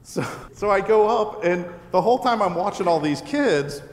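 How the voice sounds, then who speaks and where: A man's voice: high-pitched, lively intonation, moderate pace, slight background noise. Laughing man telling a story in an echoey hall. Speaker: podcast host. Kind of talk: live storytelling to an audience. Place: live venue with audience. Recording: echoey hall with a live audience.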